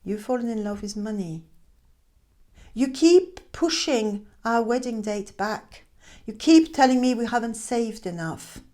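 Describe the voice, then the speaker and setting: A storyteller voicing a gentle young woman who speaks softly and sadly. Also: lively intonation, unhurried. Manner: soft, low, sorrowful.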